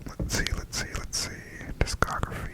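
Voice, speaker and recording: A man softly speaking and whispering in a chatty ASMR review, full of fillers, close to the mic. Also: normal speed, rough recording. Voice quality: whispery, breathy.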